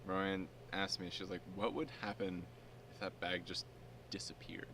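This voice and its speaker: Deep low man, camp staffer, playful telling, faint background noise. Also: little pitch movement, normal speed, fairly bright tone. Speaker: summer camp staff member. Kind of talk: casual storytelling to camera.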